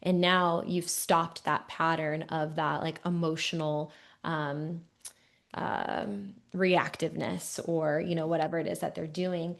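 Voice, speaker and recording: Podcast host, young woman, lowish voice, reflective and chatty. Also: little pitch movement, measured pace, vocal fry. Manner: thoughtful, reflective, uses many fillers. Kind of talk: interview conversation.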